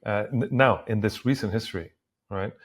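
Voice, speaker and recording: A man co-hosting a discussion podcast from a remote call, talking in a halting way with many restarts. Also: fairly low pitch. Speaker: podcast co-host. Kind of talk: casual discussion. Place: Beirut, at a university.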